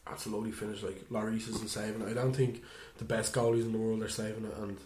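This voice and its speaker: A man co-hosting a casual football podcast, animated and quick to mimic players in high voices. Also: slight background noise. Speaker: podcast co-host. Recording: echoey room.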